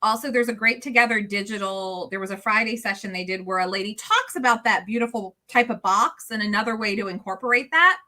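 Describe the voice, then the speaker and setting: A woman's voice: mid-range voice, a little fast, few pauses, bright, forceful tone. A woman hosting a casual video-call livestream, friendly and chatty. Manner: friendly, chatty, laughs easily. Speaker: livestream host.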